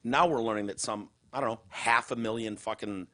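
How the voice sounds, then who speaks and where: A man's voice: mid-range voice, fairly even intonation, fairly quick, bright, forceful tone. A man with a Midwestern American accent hosting a casual podcast, talking bluntly and sarcastically with plenty of swearing. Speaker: podcast host. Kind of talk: casual talk-show banter.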